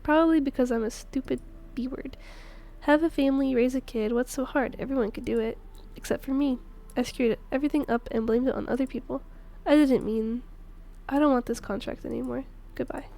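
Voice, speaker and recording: A woman's voice: high voice, fairly even intonation, fairly quick, vocal fry, dark tone. A woman voicing a bitter, desperate single mother. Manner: self-pitying, resentful outbursts.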